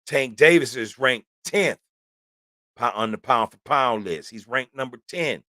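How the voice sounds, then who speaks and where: A man's voice: medium pitch, lively intonation, a little slow, sharp tone, dry recording, clean studio sound. A middle-aged man hosting a casual sports talk show, chatting loosely and keeps asking "you know what I'm saying". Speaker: host.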